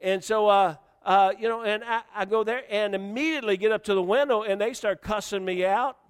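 A man pastor delivers a sermon with animated, emphatic preaching, often repeating himself and rising into questions. His voice sits high for a man. The sound carries a long reverb from a large hall. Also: brisk, clean tone.

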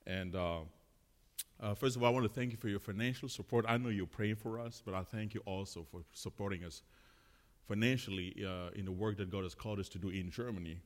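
A man, a missionary, sharing testimonies in church in a chatty, halting way with many fillers. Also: on the low side, fairly even intonation, big-room sound. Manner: chatty, many fillers and restarts, laughs often.

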